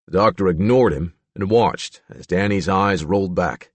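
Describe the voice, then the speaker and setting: A man narrating a true-crime audiobook in a measured storytelling manner. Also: low-pitched, no echo. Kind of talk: scripted narration.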